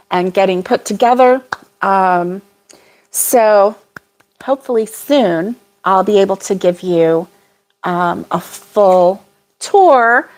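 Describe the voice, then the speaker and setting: A woman's voice: medium pitch, takes it slowly. A woman hosting a casual livestream chat with viewers, rambling and laughing often. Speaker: crochet channel host.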